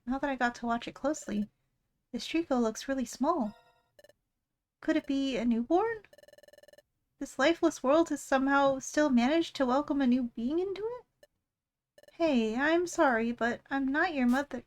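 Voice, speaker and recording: A woman voicing a lonely, grieving psychic creature from a game who is gentle and protective, reading its lines in an earnest, soft-spoken way. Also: high-pitched, moderate pace, long pauses, close to an everyday voice. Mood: tender, worried. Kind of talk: reading game dialogue aloud.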